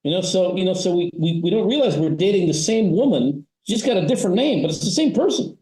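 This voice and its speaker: A man's voice: sits high, lively intonation, fast, mellow, echoey room, rough recording. A man advising on family business, explaining ideas in a conversational interview and telling stories with frequent "you know" and "right?" tags.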